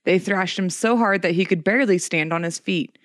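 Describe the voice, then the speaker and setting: A narrator reading a fairy tale aloud in a comic reading, mostly steady but stumbling over the odd word. The sound is dry and close, with no room echo. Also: mid-range voice, brisk. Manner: reads steadily, stumbles on words.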